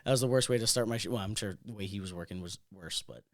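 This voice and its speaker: A man co-hosting a podcast, telling a story in casual chat and acting out what people said with loud, swearing bursts. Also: lowish voice, quick pace. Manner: animated, acts out quotes with loud swearing bursts. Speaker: podcast co-host.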